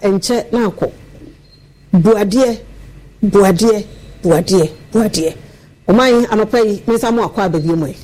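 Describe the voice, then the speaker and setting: A Ghanaian woman giving an animated radio talk, preaching to listeners and repeating her points for emphasis. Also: on the high side, rough recording. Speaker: radio commentator.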